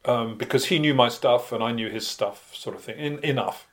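A man's voice: medium pitch, moderate pace. A man from Britain, a guest musician in a casual interview, telling anecdotes in a wry, self-deprecating way.

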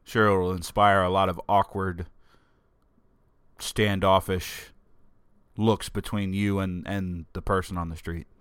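His voice sits low with little pitch movement, coming slowly and with frequent pauses, a bit bright and clean. He's a podcast host with a sore throat, under the weather, rambling and self-mockingly joking in a casual solo monologue from his home office. The desk-microphone recording is dry with clean studio sound.

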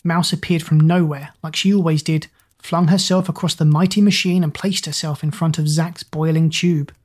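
Low husky woman reading a story. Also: moderate pace. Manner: steady dramatic narration. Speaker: narrator.

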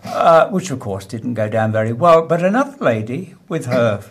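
A man's voice: mid-range voice, lively intonation, moderate pace, husky. A man hosting a radio show, telling stories and jokes in a dry, self-mocking way and laughing at his own punchlines. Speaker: radio host.

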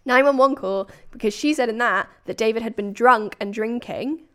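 A woman hosting a true crime podcast, telling the story in a casual, animated way with quoted voices. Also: a little high, normal speed. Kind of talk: casual chat.

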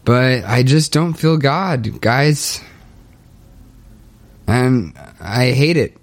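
A young man speaking a hesitant, halting confessional monologue, restarting often and sounding dejected. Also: mid-range voice. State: low and dejected. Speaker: podcaster documenting his spiritual journey.

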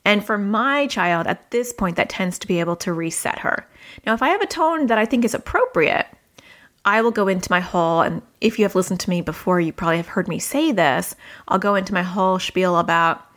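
A woman in her thirties, a parenting coach, giving advice in a chatty podcast style and jumping up in pitch when she acts out what children say. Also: brisk. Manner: conversational, acts out quoted dialogue with lively pitch jumps.

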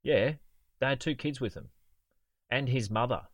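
A man's voice: medium pitch, normal speed, no room sound. A man, co-hosting a podcast and telling stories in a dry, sardonic way. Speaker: podcast co-host. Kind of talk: casual comedy chat.

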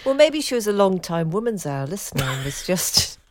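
A woman, co-hosting a casual chat, dry and teasing with quick quips. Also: fairly low pitch, very animated, no room sound. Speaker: co-host.

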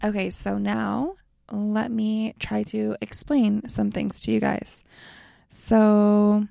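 A young American woman teaching a lesson in a slow, relaxed and friendly way, often calling her listeners you guys. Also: mid-range voice, gravelly, no echo, studio quality. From North America. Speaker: language teacher. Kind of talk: casual explanatory lesson.

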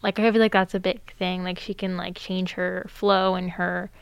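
A woman of twenty-two chatting casually about music as a podcast co-host, relaxed and full of fillers. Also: on the low side, moderate pace, gravelly, clean tone, no room sound.

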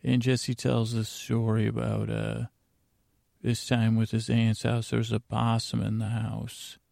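Gravelly sleepy guy rambling a bedtime podcast recap, flat monotone, dry close sound. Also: fairly low pitch, a little slow, no room sound. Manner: droning, meandering, drowsy delivery. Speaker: podcast host.

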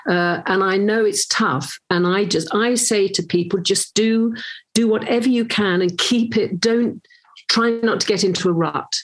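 A woman in her sixties, an actress, chatting in an interview and telling lively anecdotes with many restarts. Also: medium pitch, normal speed. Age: 60s. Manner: lively storyteller, acts out quoted voices, many restarts. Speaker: actress, guest. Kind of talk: casual conversation, anecdotes.

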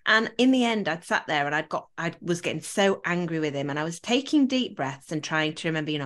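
A woman in her thirties hosting a podcast, telling a story with animated quoted voices and laughs. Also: lowish voice, fast talker, hardly any pauses. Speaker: podcast host. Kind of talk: casual conversational interview.

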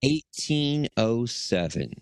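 A man's voice: mid-range voice, big pitch swings, slow, smooth, dry recording. A young adult man, co-host of a podcast, telling a long story in casual chat, with lots of restarts and little voices for characters. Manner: rambling storyteller with many restarts, slips into silly voices for characters.

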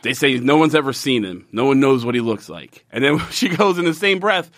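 Animated swearing man with a lively voice. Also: mid-range voice, a little fast, no echo, clean studio sound. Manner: animated, profane, exasperated ranting. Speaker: podcast co-host recapping a TV episode. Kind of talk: casual chat.

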